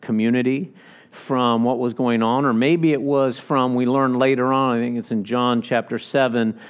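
A man preaching a sermon in a relaxed, storytelling manner, his voice at a middle pitch. He walks through scripture and slips into the voices of the people he quotes. The recording sounds a little dull and lo-fi. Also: moderate pace. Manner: conversational, folksy Bible teaching with restarts and quoted voices. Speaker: pastor.

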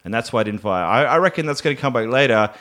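A man's voice: mid-range voice, expressive, rapid-fire, a bit bright. A man co-hosting a podcast, recapping a series in casual chat, joking and laughing often. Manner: jokey, laughs often, slips into silly voices. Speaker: podcast co-host.

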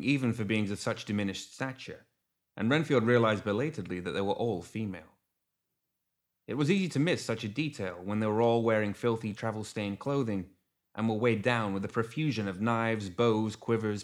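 Male audiobook narrator, low register, measured storytelling. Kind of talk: scripted narration.

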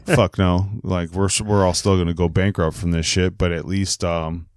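A man's voice: low voice, level tone, normal speed, dry recording, studio quality. A man co-hosting a casual podcast, sardonic and profane, often laughing. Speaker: podcast co-host.

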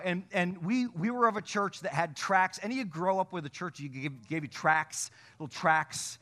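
Male pastor, fairly high voice, preaching with big loud swings and fast asides to the congregation. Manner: animated preaching with sudden loud peaks and quick asides. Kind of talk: sermon.

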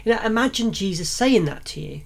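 A woman's voice: medium pitch, animated, fairly quick, vocal fry, husky. A woman co-hosting a casual faith podcast, chatty and rambling, often laughing between thoughts. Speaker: podcast co-host.

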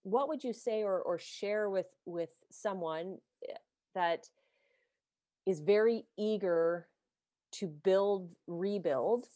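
A woman hosting a podcast interview, speaking effusively with many halting restarts and gentle questions. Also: medium pitch, no room sound, clean studio sound. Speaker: podcast host. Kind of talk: conversational interview.

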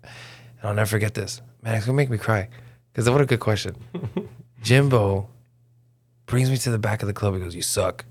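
A man, a comedian guest, telling animated stories in casual chat, swearing freely. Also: lowish voice, breathy edge. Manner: animated, swearing, fast storytelling.

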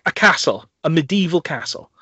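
A man's voice: a little high, very animated, brisk, bright, forceful tone, breathy edge, dry recording. A young man hosting a film podcast, retelling scenes with enthusiasm, full of fillers and restarts. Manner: enthusiastic, rambling storyteller with many fillers and restarts. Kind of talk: casual chat reviewing films. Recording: dull, lo-fi, dry sound.

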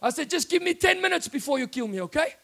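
A South African man preaching a sermon with a very high voice. He gets excited and often shouts, telling a story to his congregation. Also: fast talker.

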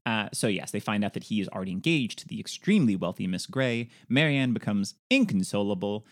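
A man's voice: on the low side, animated, fairly quick. Chatty man recapping a film plot. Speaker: podcast co-host. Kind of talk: casual film discussion.

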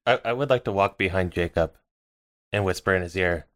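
A man's voice: low-pitched, brisk, a bit bright, slight background noise. A man playing in a tabletop game, joking and teasing the others. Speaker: player. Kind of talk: casual tabletop chat.

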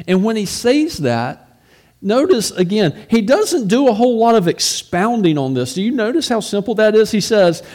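A man's voice: high-pitched, very animated, normal speed, darkish tone. Man preaching a conversational sermon. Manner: conversational preaching with rhetorical questions and repeated words. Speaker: pastor.

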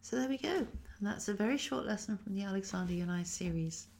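An English woman guiding a Feldenkrais lesson, speaking slowly and softly with many whispered phrases, her voice tired after a weekend of talking. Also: medium pitch, lively intonation, vocal fry. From England. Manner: slow, soft-spoken guiding with frequent whispered phrases. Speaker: Feldenkrais teacher. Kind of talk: guided movement lesson.

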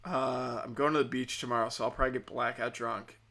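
Sharp-voiced, profane podcasting man. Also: mid-range voice, steady tone, fairly quick. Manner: profane, rambling, sardonic. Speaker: podcast host. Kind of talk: casual comic monologue.

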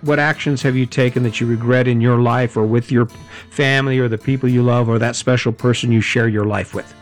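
A middle-aged man giving a high-energy, conversational motivational talk, often correcting himself mid-sentence. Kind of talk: motivational monologue.

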